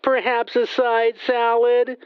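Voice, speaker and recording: A woman voices a new young pizza-shop clerk who is earnest and overly polite. She speaks slowly, with a smooth, clear voice. The sound is dry and slightly dull. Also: fairly high pitch, completely flat delivery, no echo. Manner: overly polite, rattles off long lists.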